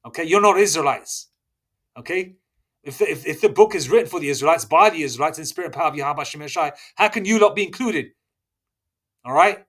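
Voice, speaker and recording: A man preaching and reading scripture aloud, constantly checking in with his listeners and stressing points with sudden loud bursts. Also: on the high side, expressive, fast. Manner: checks in with listeners constantly, asking "okay?" and "all right?". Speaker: religious teacher.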